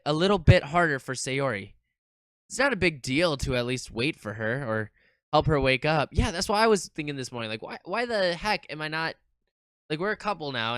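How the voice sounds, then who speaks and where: A streamer casually commenting and reading game text aloud, animated, swearing and nervously laughing. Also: medium pitch, no room sound.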